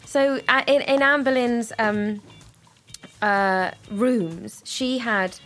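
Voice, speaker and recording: A woman's voice: on the high side, slow pace, fairly bright tone, soft background music. A young woman telling anecdotes as a guest in a radio interview, chatty and self-deprecating, laughing often. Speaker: actress guest.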